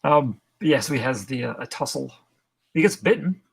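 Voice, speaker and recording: A man's voice: mid-range voice, expressive, normal speed, creaky, breathy edge. A man co-hosting a podcast, casually recapping a horror film's plot with dry, laid-back jokes. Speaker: podcast co-host. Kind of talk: casual film review chat.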